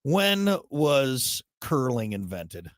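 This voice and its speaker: A man's voice: medium pitch, sing-song, extremely slow, no room sound, studio quality. A man hosting a morning show, rambling and joking in casual banter, wired on caffeine. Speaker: show host.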